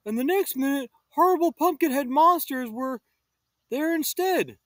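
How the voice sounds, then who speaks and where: A man voicing a panicky, easily scared lanky young man with a high yelping voice. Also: lively intonation, moderate pace, a bit bright, no room sound. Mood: protesting.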